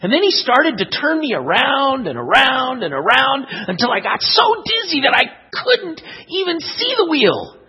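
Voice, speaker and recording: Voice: sits high, sing-song, normal speed, hardly any pauses, slightly rough, dull audio, voice pushed up, heavily acted. A speaker voicing a talking clay vase that tells of its painful shaping in a children's story, crying out as it goes. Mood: pained, recounting. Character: talking clay vase, proud, once suffering.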